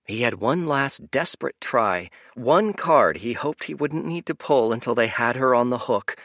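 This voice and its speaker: A man reading an audiobook aloud in scripted narration, expressive and animated. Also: mid-range voice, moderate pace, few pauses, no echo.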